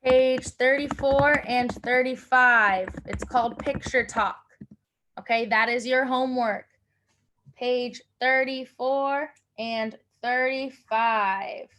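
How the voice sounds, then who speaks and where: Woman, teacher, upbeat, repeats questions, high voice, slow. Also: fairly even intonation, fairly bright tone. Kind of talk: online class instruction.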